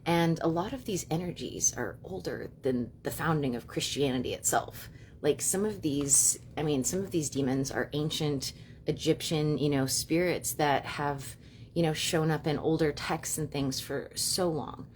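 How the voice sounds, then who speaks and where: A young woman hosting a live stream from home, talking quickly and casually with lots of "you know" and "like". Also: low voice, a little hiss or hum. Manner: fast, chatty, many fillers like "you know" and "like". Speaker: livestream host and witch.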